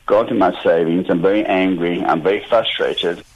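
A male caller on the phone, despairing and frustrated, speaking in a halting, heavy-hearted way. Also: deep voice, husky. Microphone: telephone. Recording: dull lo-fi phone line.

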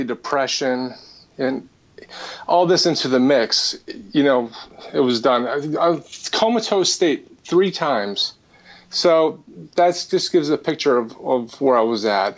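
A man giving an earnest personal testimony as a spiritual healer, speaking haltingly with frequent restarts. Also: medium pitch, lo-fi sound.

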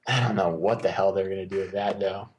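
Rambling, excited man chatting about movies. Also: low-pitched, quick pace, slight background noise. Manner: rambling, enthusiastic, many fillers and restarts. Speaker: podcast co-host. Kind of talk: casual movie chat.

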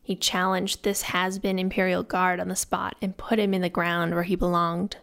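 A woman narrating a fantasy novel in a measured, even reading. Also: lowish voice, vocal fry. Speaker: audiobook narrator. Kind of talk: scripted narration.

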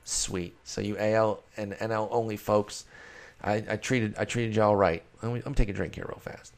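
A man's voice: lowish voice, fairly even intonation, normal speed. Guy doing a solo fantasy baseball show, rambly and joking at himself. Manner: chatty, self-deprecating, rambling with restarts. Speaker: fantasy baseball podcast host. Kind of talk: casual solo analysis.

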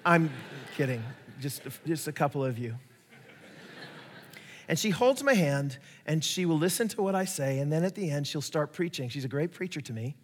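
A man preaching a sermon, telling stories in a lively way and acting out the voices of the people he quotes. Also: a little high, normal speed, slight background noise. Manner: animated storytelling, acts out quoted voices. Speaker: pastor. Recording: echoey hall reverb.

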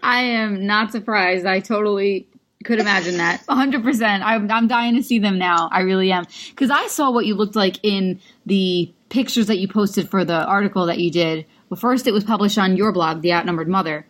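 A woman hosting a podcast in relaxed conversation. She is upbeat and encouraging, and she hypes up her guest. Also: medium pitch, moderate pace. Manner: enthusiastic, encouraging. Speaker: podcast host. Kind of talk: casual chat.

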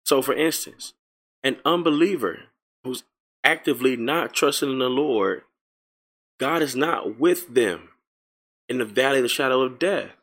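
A man leading an informal Bible study, emphatic and repetitive, slowing down to read verses aloud. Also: mid-range voice, a bit bright. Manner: emphatic, repeats phrases, reads verses slowly. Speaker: Bible teacher.

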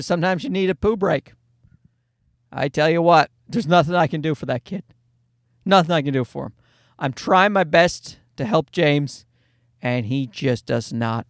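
Lively high-voiced man telling comic stories. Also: no echo, studio quality. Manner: animated storyteller, swears freely, acts out voices. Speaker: podcast host. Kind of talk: comedic solo podcast monologue. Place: Toronto.

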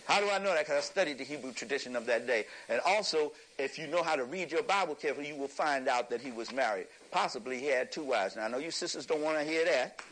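A man giving an impassioned lecture to an audience, preacherly and emphatic, rising at times to a shout and chuckling through his points. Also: mid-range voice, expressive, quick pace, few pauses, a little hiss or hum, poor audio.

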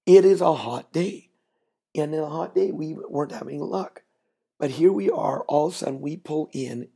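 A man's voice: on the high side, vocal fry, mellow, husky. A middle-aged man hosting a podcast, telling a chatty, folksy story that builds to a business lesson. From Canada. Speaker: podcast host.

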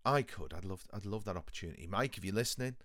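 An English man in casual podcast chat, easygoing and full of anecdotes. His voice sits low but moves lively up and down, and the sound is close and dry with no room echo. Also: fast. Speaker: podcast co-host.

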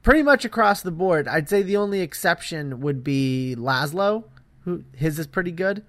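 An American man with a slightly high voice co-hosts a casual podcast. He tears into what he's reviewing with blunt, exasperated disdain. His talk is loose and full of "um"s. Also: animated, moderate pace, a bit bright. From United States. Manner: blunt, exasperated criticism with frequent "um". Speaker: podcast co-host.

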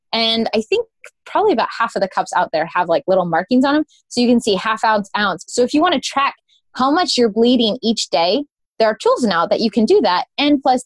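A woman with a fairly high voice is a guest on a casual podcast, in a conversational interview. She explains things in a chatty, informal way, full of "like" and "um," and the recording is dry.

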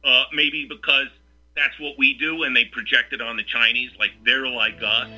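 A man's voice: mid-range voice, flat delivery, moderate pace, pushed and bright, faint music behind. A man hosting a talk radio show, ranting combatively and firing off rhetorical questions. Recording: lo-fi radio sound.

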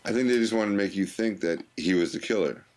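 A man with a very deep voice co-hosts a casual comedy podcast. He rambles through his points and drops his jokes in a dry, deadpan way. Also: quick pace. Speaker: podcast co-host.

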